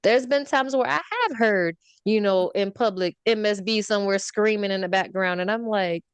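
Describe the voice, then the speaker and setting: A woman's voice: mid-range voice, moderate pace, few pauses, clear, resonant tone, no echo. Laughing woman host ranting, dry sound. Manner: animated ranting, laughs often. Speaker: podcast host. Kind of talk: casual podcast chat.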